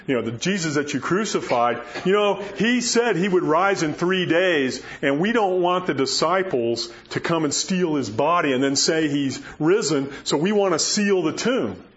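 A man's voice: on the high side, dull audio. A male pastor preaching a conversational sermon, often checking in with his listeners. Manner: folksy, asks listeners "right?" and "okay?".

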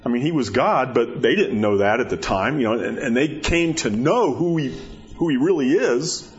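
A man preaching a sermon in a conversational way, repeating words and rising in pitch for emphasis. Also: expressive, normal speed. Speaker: pastor. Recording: dull lo-fi recording.

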